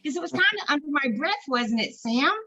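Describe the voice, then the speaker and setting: Female guest, high bright tone, excitable storyteller. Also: brisk, dull audio. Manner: excitable storyteller, laughs often. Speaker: podcast guest. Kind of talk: casual chat.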